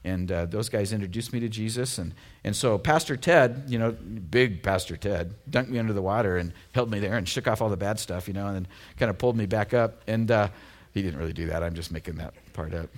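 A man's voice: lowish voice, a little fast. A middle-aged man from Oregon preaching a sermon in a conversational, storytelling way with self-deprecating humor. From Oregon, USA. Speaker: pastor.

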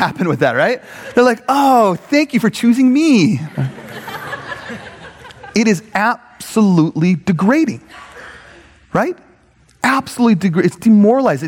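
A man preaching a conversational sermon, animated and full of fillers, often checking in with "right?". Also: high voice. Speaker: pastor. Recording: long hall reverb.

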